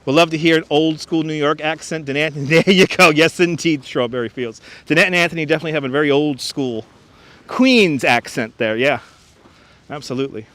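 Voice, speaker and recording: Live-stream host, man, a bit high-pitched, casual and chatty, reads out viewer comments, outdoor clip-on mic. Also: steady tone, fast, fairly bright tone. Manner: chatty, reads out viewer comments and greets them by name, laughs often. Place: outdoors on a frozen beach. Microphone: wireless clip-on mic.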